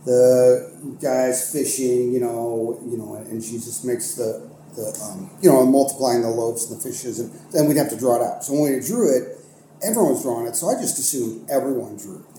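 A young man from Ohio telling a long, looping story full of fillers and self-corrections. His voice is deep-toned and very warm, never sharp. The room around him rings with echo, and a faint hiss sits underneath. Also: normal speed. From Ohio, United States. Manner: rambling, animated, many fillers and self-corrections. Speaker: guest, art teacher and wrestling coach. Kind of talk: casual storytelling in a podcast interview. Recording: echoey room with faint noise.

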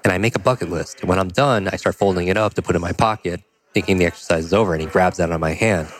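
A man telling a personal story as a podcast guest, animated and full of "like" and "you know". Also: deep voice, rapid-fire. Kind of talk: storytelling in a conversational interview.

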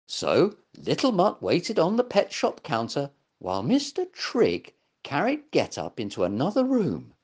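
A man reading a children's story aloud as host, gentle and expressive. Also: on the high side.

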